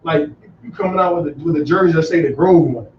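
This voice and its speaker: A man who coaches high school football, talking in a relaxed, reflective way on a podcast, with plenty of filler phrases. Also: fast talker, slight background noise. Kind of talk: casual podcast conversation. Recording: echoey room, distant mic, dull sound.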